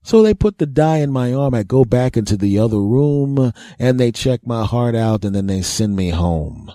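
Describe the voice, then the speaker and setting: A man's voice: mid-range voice, expressive, moderate pace, warm tone, dry recording, clean studio sound. A man hosting a podcast, telling a funny story in a self-mocking monologue and laughing at his own jokes. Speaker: podcast host.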